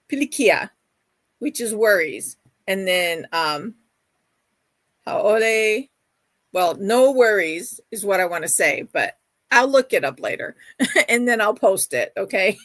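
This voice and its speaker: A woman's voice: medium pitch, no echo. A middle-aged woman hosting a casual livestream, chatting and reading viewer comments aloud in a gushing, affectionate way. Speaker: livestream host.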